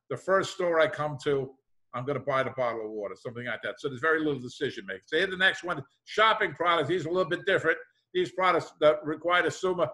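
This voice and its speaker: A man's voice: a little high, sharp tone. A middle-aged man, a business professor, lecturing casually over a video call with everyday examples and the habit of tagging "thing like that". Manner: conversational, repeats "thing like that", worked examples.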